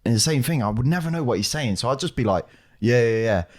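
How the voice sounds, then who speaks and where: A young man with a British English accent, co-hosting a podcast and telling a casual story, animated and sweary, acting out what people said. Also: medium pitch, very fast. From Britain. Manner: animated, sweary, acts out dialogue. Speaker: podcast co-host.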